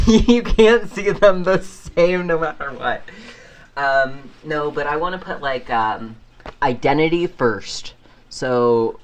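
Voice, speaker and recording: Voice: mid-range voice, a bit bright, clear, resonant tone. A podcast host chatting casually on their own, rambling and laughing often. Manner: frequent fillers and restarts. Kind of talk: casual solo chat.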